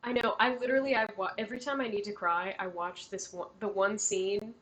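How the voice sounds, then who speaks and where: A woman's voice: mid-range voice, steady tone, fairly quick, fairly bright tone. A young woman acting as game master for a tabletop role-playing game, chatty and often breaking into laughter.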